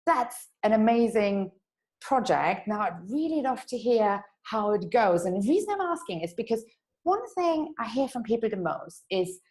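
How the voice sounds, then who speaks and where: A woman's voice: mid-range voice, big pitch swings, a little slow, low-quality recording. A woman hosting a casual podcast interview, bubbly and enthusiastic, laughing easily. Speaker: podcast host.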